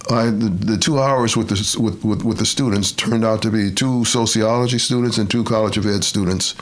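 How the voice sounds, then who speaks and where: Older man, retired professor, life story, lowish voice, measured, reflective. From Detroit, USA. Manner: measured, reflective storyteller who acts out quotes. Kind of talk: storytelling interview.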